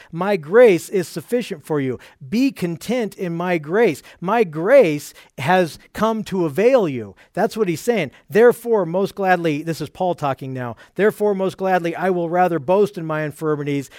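Man, high voice, earnest sermon delivery, dry close sound. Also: darkish tone, no echo. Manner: earnest, explains scripture with many restarts. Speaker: preacher.

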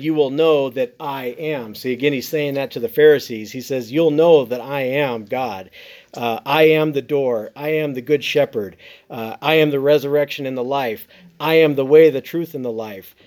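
A man's voice: medium pitch, moderate pace, a little mellow. A man who wrote a Bible commentary, explaining scripture in casual teaching talk, earnest and full of fillers and restarts.

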